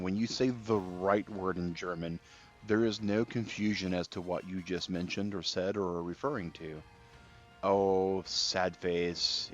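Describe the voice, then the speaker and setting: A man streaming a video game and chatting casually with viewers, relaxed and rambling, with many fillers and restarts. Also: low-pitched. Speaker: gaming livestreamer. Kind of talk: casual live-stream chat while playing. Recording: slightly dull stream audio with faint game music.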